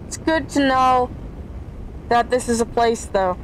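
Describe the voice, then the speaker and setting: A woman's voice: on the high side, unhurried, a little hiss or hum, rough recording. A woman streaming a horror game, chatting to viewers and easily scared as she plays. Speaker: gaming YouTuber. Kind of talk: let's play commentary.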